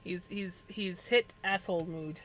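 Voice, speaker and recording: A woman streamer chatting casually while crafting, talking to her cats and telling animated stories about them. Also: on the low side, measured pace, slight background noise, low-quality recording. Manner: animated storytelling with playful voiced asides.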